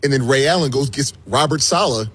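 A man on a sports radio crew, telling a story in an animated, casual way. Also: medium pitch, a little fast, husky. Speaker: radio show crew member. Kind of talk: casual studio banter.

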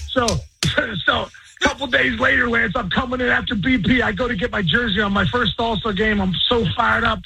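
A former pro ballplayer, a man with a very high, creaky voice, guests on a radio show and tells stories excitedly, repeating words and quoting people in quick little voices. The audio is poor, with slight background noise.

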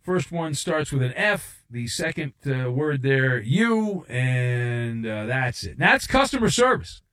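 A man's voice: mid-range voice, expressive, slow, fairly bright tone. A middle-aged man hosting a sports talk radio show, delivering a sarcastic, opinionated monologue and mocking outrage with put-on voices.

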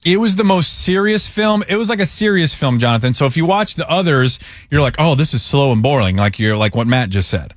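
A man co-hosting a sports talk show, animated and joking, quick to tease. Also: on the high side, dry recording, studio quality. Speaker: sports radio co-host.

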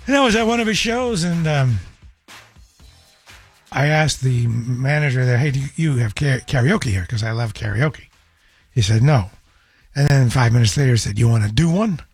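A middle-aged man hosting a casual call-in radio show, his voice hoarse and scratchy after a cold, rambling through anecdotes. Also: medium pitch. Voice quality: raspy. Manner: rambling anecdotal storytelling with restarts. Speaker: radio host. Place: radio studio. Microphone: studio microphone.

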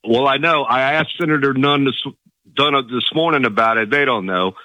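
A man's voice: mid-range voice, normal speed, sharp tone, no echo. A man from Virginia calling in to a radio show, chatting casually. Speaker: caller. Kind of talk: call-in radio chat. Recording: muffled phone-line call.

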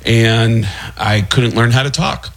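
A man's voice: mid-range voice, fairly even intonation, slow pace, a bit bright. A comedian telling stories in a casual radio interview, acting out the people he quotes. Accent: none, learned speech from television. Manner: storytelling, acts out the people in his stories. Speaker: comedian and guest.

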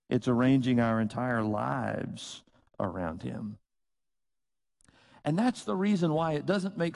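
A man's voice: fairly high pitch, vocal fry, darkish tone. A middle-aged man with a Tennessee Southern accent, preaching an earnest, conversational sermon with folksy asides and acted-out bits of dialogue.

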